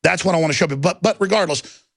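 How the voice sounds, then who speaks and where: A man's voice: sits high, fast talker, gravelly, a bit bright, dry recording. A man hosting a talk radio show, delivering an intense, rambling monologue with emphatic outbursts. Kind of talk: ranting monologue. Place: radio studio.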